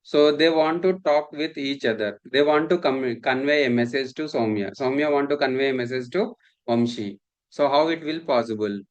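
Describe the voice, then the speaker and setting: A male instructor leads a classroom lecture at a middle pitch. He repeats his points and keeps asking students whether they understand. His talk is patient and steady. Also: moderate pace, muffled recording. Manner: repetitive, checks understanding often.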